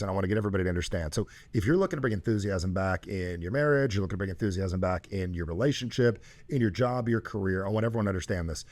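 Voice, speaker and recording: A man hosting a show and coaching a caller, talking emphatically with loud, high bursts. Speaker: host and coach.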